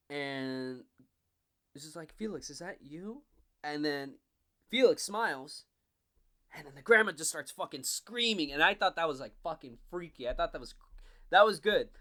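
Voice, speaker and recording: A man in his twenties giving a casual, animated book review, swearing often and acting out the characters' lines. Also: fairly high pitch. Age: 20s. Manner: animated, profane, frequent "like" fillers, acts out characters.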